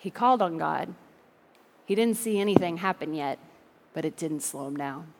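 A woman's voice: lowish voice, lively intonation, moderate pace, vocal fry, slight background noise. A woman preacher giving a sermon in a church, telling Bible stories with playful jokes and call-and-response to the audience. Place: church sanctuary. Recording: long reverb of a large church hall.

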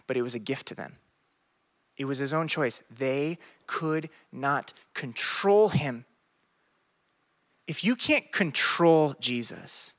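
A man preaching a sermon as pastor, animated, joking and conversational. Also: mid-range voice. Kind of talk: sermon to a youth group.

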